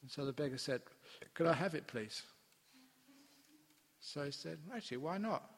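A man's voice: on the high side, lively intonation, normal speed, breathy edge. A man, a Buddhist monk, telling a teaching story to an audience in a chatty way and acting out the characters. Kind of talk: dharma talk storytelling. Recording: long hall reverb.

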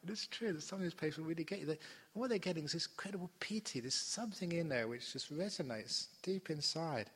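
An older man giving a Buddhist dharma talk at a retreat, telling stories in an animated, playful way with laughs and asides. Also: fairly high pitch, fast talker, breathy edge. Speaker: Buddhist monk teaching a retreat. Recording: long hall reverb.

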